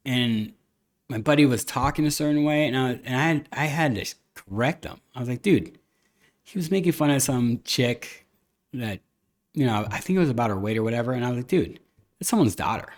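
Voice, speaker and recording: A man's voice: medium pitch, lively intonation, moderate pace. A man hosting a podcast, telling stories and opinions in a candid, rambling casual chat. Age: adult, a father. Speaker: podcast host.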